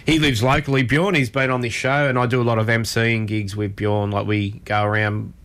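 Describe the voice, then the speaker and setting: A man's voice: mid-range voice, little pitch movement, a little fast, fairly bright tone. A middle-aged man with an Australian accent hosting a radio show, rambling through anecdotes in casual chat and losing his train of thought.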